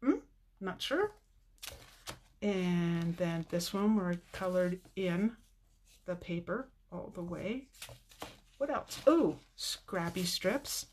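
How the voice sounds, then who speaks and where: An older woman hosting a casual live craft stream, chatting warmly with viewers, teary with a slightly stuffy nose. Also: fairly low pitch, animated, slow pace, long pauses, a little hiss or hum. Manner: chatty and tearful, reading viewer comments. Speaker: card-making video host.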